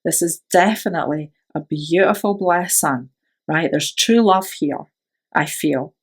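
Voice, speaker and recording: A woman's voice: low-pitched, unhurried, breathy edge. A woman giving a pick-a-card tarot reading, speaking in a soothing, affirming way and often tagging her phrases with "right?". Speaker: tarot reader.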